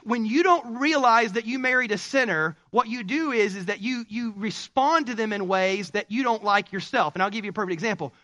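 A male pastor preaching a sermon in an animated way, acting out quoted spouses. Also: high-pitched, fairly quick, hardly any pauses, no room sound.

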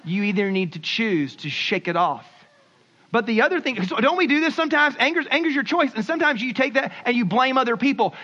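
Guy preaching a sermon, high bright voice, chatty and animated, kinda muffled lo-fi sound. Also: a little fast. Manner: animated, conversational preaching with acted asides. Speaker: pastor.

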